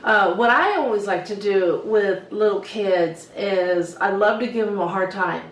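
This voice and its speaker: Animated middle-aged woman in an echoey room. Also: mid-range voice, a little slow. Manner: lively, acts out what she told the kids. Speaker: hairstylist. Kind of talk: casual storytelling to camera. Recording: echoey room, voice from some distance.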